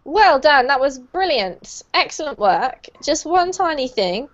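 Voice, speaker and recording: A woman's voice: high-pitched, very animated, a little slow. A woman teaching an online pronunciation class, encouraging and upbeat, praising students often. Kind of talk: online group pronunciation lesson. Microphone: video call. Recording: dull lo-fi video call audio.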